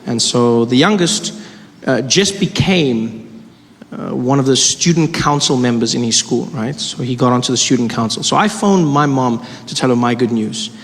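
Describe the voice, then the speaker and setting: A man performing stand-up comedy before an audience, telling stories in a conversational way with quick voice switches. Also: medium pitch, animated. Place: large hall before live audience. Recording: live hall with audience noise.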